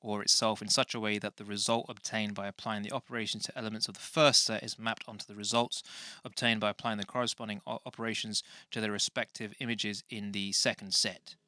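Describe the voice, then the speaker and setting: Man, podcast host, casual rambling chat, bright voice, dry close sound. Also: fairly low pitch, level tone, brisk, few pauses, no echo. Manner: rambling, hesitant, with restarts.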